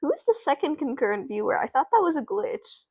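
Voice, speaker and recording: A woman's voice: high-pitched, big pitch swings, quick pace, darkish tone, no echo. A woman streaming as she makes up a doll play story, rambling and interrupting herself with laughs. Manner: meandering, self-interrupting, laughing.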